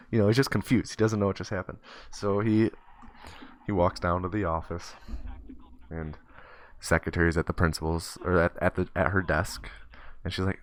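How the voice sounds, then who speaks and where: A young man casually telling a long story as a streamer, rambling with fillers and restarts and popping into squeaky voices for the characters. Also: steady tone, brisk, pauses often. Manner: acts out the kid and teacher in high squeaky voices. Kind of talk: casual storytelling while gaming.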